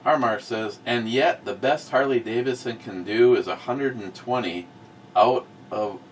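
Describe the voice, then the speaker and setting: A middle-aged man hosting a casual talk show, blunt and profane, swinging from muttered asides to loud outbursts. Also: medium pitch, measured pace, distant mic, a little hiss or hum. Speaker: host of a review show.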